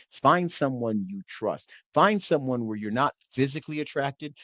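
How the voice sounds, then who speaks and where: A man's voice: mid-range voice, no echo. A middle-aged man hosting a podcast, talking to listeners in a rambling, folksy monologue full of fillers and restarts. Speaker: podcast host.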